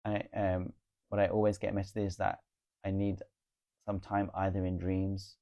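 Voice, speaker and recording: A man's voice: deep voice, monotone, a little slow, dark tone, no room sound. Chatty man hosting a spiritual Q&A. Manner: chatty, reads viewer comments aloud and answers them. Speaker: spiritual live-stream host. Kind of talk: casual live-stream Q&A.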